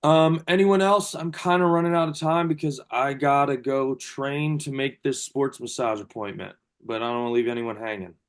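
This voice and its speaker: A man's voice: mid-range voice, flat delivery, moderate pace, few pauses. Male coach, casual and chatty, lots of fillers, heard over a video call. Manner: loose and chatty, many fillers and restarts. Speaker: strength coach.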